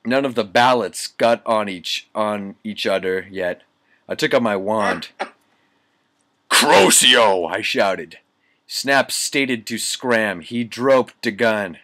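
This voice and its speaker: Young guy mock-reading awful fanfic, swears at it, dry close mic, slow. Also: on the low side, a bit bright, no room sound. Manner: mocking, laughs and swears at the text. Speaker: reader. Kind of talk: comic dramatic reading.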